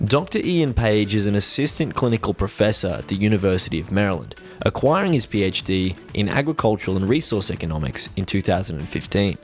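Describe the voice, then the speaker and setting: A man's voice: fairly low pitch, sing-song, fast talker, soft background music. An Australian man hosting a podcast interview, speaking with enthusiasm. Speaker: podcast host.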